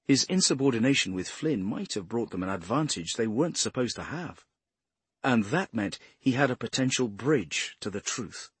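An audiobook narrator with a husky, mid-pitched voice reads a crime novel from a script at a steady, measured pace. The recording is close and dry, with no echo or room sound.

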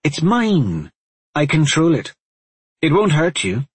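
A bossy, playful young girl from a fantasy storybook, teasing and giving orders in a high, eager voice, as a man reading the tale puts her on. The sound is close and dry, with a husky grain. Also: sing-song, slow pace, dry recording, exaggerated voice. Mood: reassuring. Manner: bossy and teasing, raised higher voice.

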